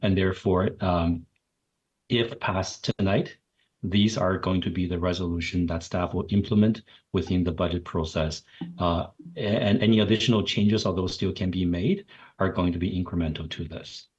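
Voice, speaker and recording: A man's voice: low voice, fairly even intonation, moderate pace, darkish tone, husky, muffled recording. A male school board trustee joining remotely, speaking formally and hesitantly with many fillers. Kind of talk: formal board meeting remarks.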